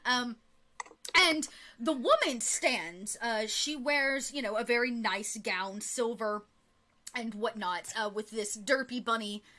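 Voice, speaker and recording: A woman's voice: fairly high pitch, slow pace, sharp tone. A woman narrating a tabletop game as game master, giggly and full of fillers.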